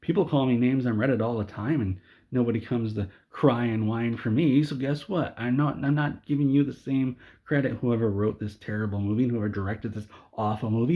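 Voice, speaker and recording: A man's voice: mid-range voice, husky, highs cut off. A man delivering an exasperated comedic movie rant, stumbling over and repeating his words. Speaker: video creator.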